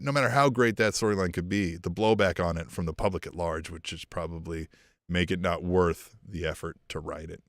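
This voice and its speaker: A man's voice: sits low, dry recording, studio quality. A man co-hosting a podcast in casual chat, rambling and profane, laughing often. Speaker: podcast co-host.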